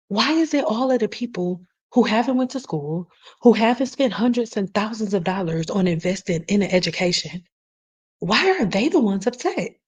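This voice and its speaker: A woman's voice: mid-range voice, animated, normal speed, husky, highs cut off. A woman who works as a cosmetologist, speaking bluntly and emphatically in a casual vlog, swearing freely and addressing her viewers directly. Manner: talks straight to the audience, calls them y'all.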